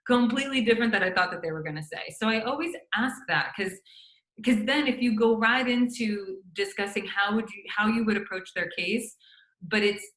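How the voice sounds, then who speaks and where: A middle-aged woman with a bright, clear tone gives loose, chatty coaching to fellow doctors. She talks casually, stumbling through fillers and restarts, and slips into sample lines the way she would say them on a call. The room around her rings noticeably. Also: medium pitch, moderate pace, reverberant, rough recording. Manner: conversational, many fillers and restarts, acts out sample phone lines. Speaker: physician coaching doctors on practice building. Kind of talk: casual instructional talk.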